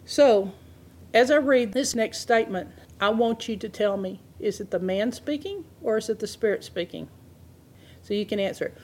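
A woman's voice: fairly high pitch, lively intonation, moderate pace, a little mellow. A woman preaching a sermon, reading scripture aloud and laughing often as she explains it.

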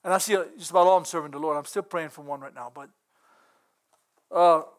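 A man's voice: on the high side, fairly even intonation, fast. A middle-aged man giving a folksy, earnest sermon, laughing often between points. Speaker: preacher.

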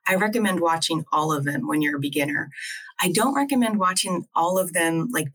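Woman from new jersey, low voice, chatty, rambling, casual video chat. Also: fairly bright tone, rough recording. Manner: chatty, rambling, frequent restarts. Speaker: co-host, acupuncturist.

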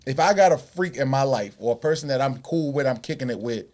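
Fast-talking casual podcast man. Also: medium pitch, lively intonation, a little mellow. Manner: loose, profane, talks in run-on asides. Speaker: podcast co-host. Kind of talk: casual group podcast chat.

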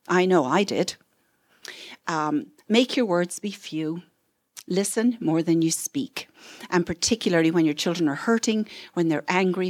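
A middle-aged woman counselor giving a parenting seminar talk, expressive and acting out the voices of parents and children. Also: on the low side.

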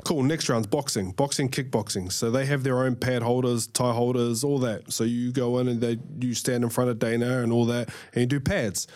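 A man's voice: medium pitch, normal speed, hardly any pauses. Swearing kiwi guy telling a story. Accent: New Zealand. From New Zealand. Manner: animated, swears freely, acts out scenes. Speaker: guest, fighter. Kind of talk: casual storytelling chat.

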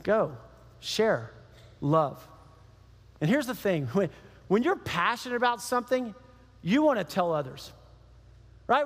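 A man's voice: very high voice, big pitch swings, normal speed, big-room sound. A man preaching a sermon as a pastor, telling a story animatedly and acting out the voices of the people in it.

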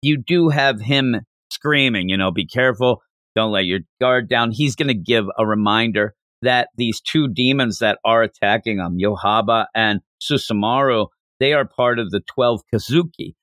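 A man hosting a casual podcast discussion, animated, acting out characters' lines as he talks. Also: mid-range voice, moderate pace, no room sound, studio quality. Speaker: podcast host.

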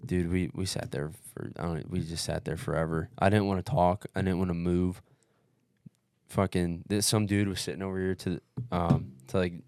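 Low, dry-sounding man spinning a profane, animated story in casual chat. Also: no echo. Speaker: podcast co-host telling a race story.

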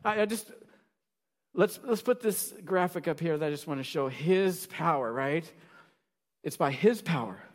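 A male pastor preaching a sermon, animated, swinging from loud bursts to quiet asides. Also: extremely high pitch. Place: church sanctuary. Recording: long reverb of a large hall.

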